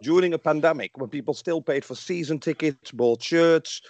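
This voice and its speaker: A man's voice: on the high side, moderate pace, darkish tone, dry recording, muffled recording. Fired-up man on a dry call line. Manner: passionate and riled up, many restarts. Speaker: podcast guest, football fan. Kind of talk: casual podcast discussion.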